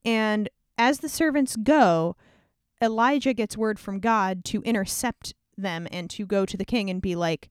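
A woman's voice: medium pitch, unhurried, clear, resonant tone, dry recording, studio quality. A woman casually retelling an old scripture story in a slangy, irreverent way, peppered with "like". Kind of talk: casual comedic Bible retelling.

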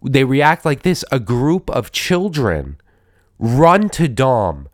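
A man's voice: mid-range voice, sing-song, slow pace, no echo, studio quality. A man hosting a podcast, reviewing a movie in a wry, rambling way with lots of restarts and repeated words. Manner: wry, mock-admiring tone. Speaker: podcast host. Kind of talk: casual movie review talk.

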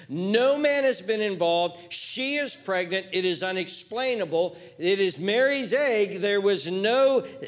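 A male pastor preaching an expository sermon, emphatic and repeating words for stress. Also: fairly high pitch.

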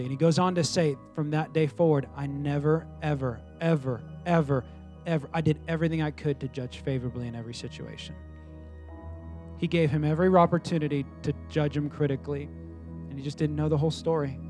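Animated male pastor telling stories. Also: fairly high pitch, a little fast, soft background music. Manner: animated storytelling, voices quoted people. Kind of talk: sermon with acted-out anecdotes.

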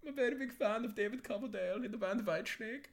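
A man putting on a mock German accent, voicing a pompous German rock fan in a high, strained voice. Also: fast talker.

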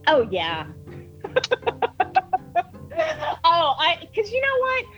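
A woman telling a story in casual chat, animated and full of fillers, swearing freely. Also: very high-pitched, extremely slow, highs cut off, faint music behind. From New York. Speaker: guest storyteller.

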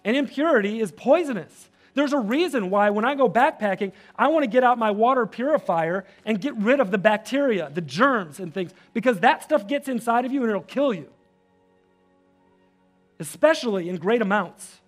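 A man preaching a sermon as pastor, animated, rising loud when fired up and dropping soft for prayers. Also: normal speed, faint music behind. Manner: drops soft and low for prayers.

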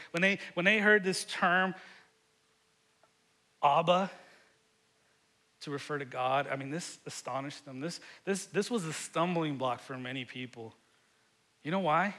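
A middle-aged man preaching a sermon, earnest and often repeating words, swinging between loud emphasis and hushed moments. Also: fairly high pitch. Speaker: pastor.

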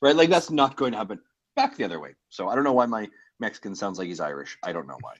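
A man from Canada joins a casual podcast as a jokey guest, teasing the others. His pitch swings widely as he talks. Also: big pitch swings, fast talker, dull audio. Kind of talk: casual chat.

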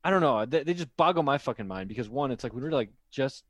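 A man co-hosting a casual comedy podcast, excitable and loose-mouthed. His voice sits mid-range and sounds dry and close to the mic. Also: medium pitch, quick pace, no echo. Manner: excitable, swears freely, laughs often. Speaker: podcast co-host.

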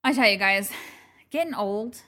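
A woman co-hosting a podcast, telling animated stories with laughter and swearing. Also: mid-range voice, normal speed. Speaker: podcast co-host. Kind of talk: casual chat.

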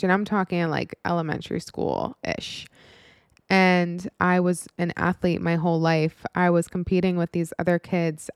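A woman's voice: lowish voice, no echo, studio quality. A woman in her twenties telling a personal story in a candid, frank, casual way, with some swearing and many "like" fillers.

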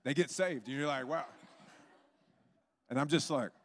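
A man who pastors a church, telling stories in a sermon, lively and acting out the people in them. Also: fast talker. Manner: animated, acts out others with big pitch jumps. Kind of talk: sermon storytelling.

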